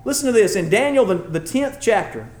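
Folksy preacher, high voice. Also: male voice, lively intonation, brisk, echoey room. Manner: folksy, conversational preaching with rising emphatic passages. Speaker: church elder preaching. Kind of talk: sermon.

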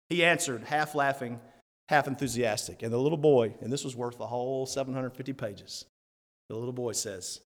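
Animated preacher in a reverberant church hall. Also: male voice, medium pitch, normal speed. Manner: animated, laughing often, building to loud emphatic peaks. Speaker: elder preaching. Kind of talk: sermon. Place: church sanctuary.

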